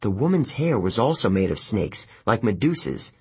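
A man reads a novel aloud as an audiobook, telling the story expressively. His voice is strongly husky and breathy. His pitch moves a lot, lifting and dropping through each sentence. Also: sing-song, normal speed, a little mellow. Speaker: audiobook narrator.

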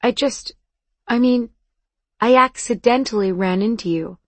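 A woman's voice: on the high side, measured pace, dry recording. A woman voicing a nervous, earnest teenage boy who stammers and restarts, in an audiobook. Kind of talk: audiobook dialogue.

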